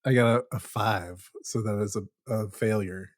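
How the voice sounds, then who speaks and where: A man's voice: lowish voice, steady tone, a little slow, no echo. Playful man playing a tabletop game. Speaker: player.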